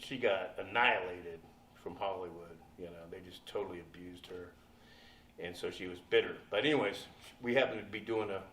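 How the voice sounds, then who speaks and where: A man's voice: fairly low pitch, fairly bright tone. A man in his sixties, a guest at a convention panel, telling a profane, laughing anecdote and acting out the people in it. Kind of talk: anecdotal storytelling to an audience. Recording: echoey room from a distance.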